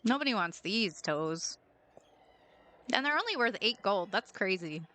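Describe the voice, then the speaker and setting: A young woman chats through a game stream in a loose, playful way, riffing on silly ideas and giggling. Her voice is bright and forward, at a middle pitch for a woman. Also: sing-song, a little slow, rough recording. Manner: chatty and playful, giggling at her own jokes. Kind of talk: casual chat while gaming.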